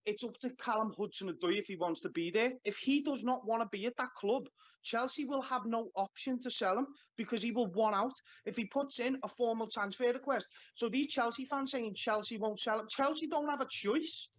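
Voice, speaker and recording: A man's voice: very high voice, brisk. A man calling into a football show, blunt and opinionated. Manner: blunt, opinionated, scolds fans. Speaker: caller. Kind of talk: fan phone-in chat. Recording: dull call audio.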